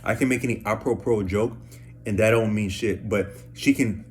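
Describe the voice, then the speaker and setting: Man, low voice, stammering, repeats words, slangy rambling story to camera. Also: normal speed. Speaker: vlogger.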